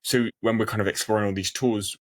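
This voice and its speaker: A man hosting a podcast, asking questions while thinking out loud with many fillers. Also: fairly low pitch, fairly even intonation, fast, no room sound. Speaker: podcast host. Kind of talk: conversational interview.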